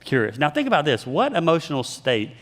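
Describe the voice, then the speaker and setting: Speaking fairly quickly at medium pitch in a large hall, a leadership speaker delivers a motivational talk mixed with scripture. He's an animated storyteller who performs the voices of the people he quotes.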